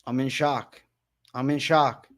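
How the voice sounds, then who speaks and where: A young man hosting a livestream, talking excitedly and repeating himself, swearing often and calling his viewers bro. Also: mid-range voice, slow. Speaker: livestream host. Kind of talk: livestream commentary.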